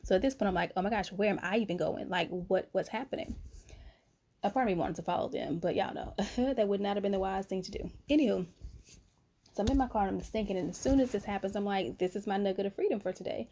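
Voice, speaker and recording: A woman's voice: mid-range voice, fast talker. A young adult woman from North Carolina, telling a story in a casual vlog and calling her viewers honey and baby. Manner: chatty, animated, uses pet names like honey and baby. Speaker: vlogger. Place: at home, late at night.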